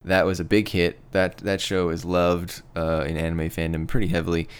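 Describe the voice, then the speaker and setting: A man's voice: deep voice, monotone, normal speed, smooth. A man co-hosting a casual podcast chat, talking in a thoughtful, hedging way. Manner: thoughtful, hedging, apologetic about pronouncing names. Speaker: podcast co-host.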